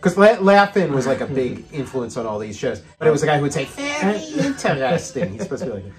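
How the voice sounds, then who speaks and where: Middle-aged male podcast host, casual rambling chat, mid pitch. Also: lively intonation, fast talker, music in the background. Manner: rambling, restarts, many fillers.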